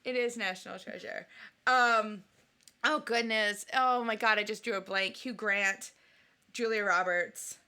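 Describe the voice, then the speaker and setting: A woman co-hosting a podcast in casual chat, animated and jokey, often acting out quotes from the film. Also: mid-range voice, measured pace, clear, resonant tone. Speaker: podcast co-host.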